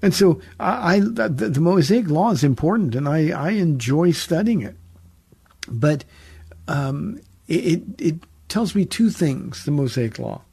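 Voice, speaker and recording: Folksy pastor, husky mellow voice. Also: male voice, a little high, lively intonation, a little slow, dry recording. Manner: folksy and conversational, tells jokes, stresses points sternly. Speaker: pastor hosting a call-in show. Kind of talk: call-in radio Bible teaching.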